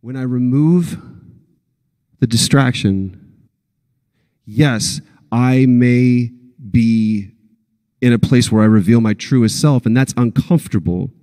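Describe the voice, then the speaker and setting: Mellow-voiced man telling stories on stage. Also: mid-range voice, takes it slowly, long pauses. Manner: animated storyteller, acts out quotes. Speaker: voice actor on a convention panel. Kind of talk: anecdotal panel talk. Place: convention panel hall.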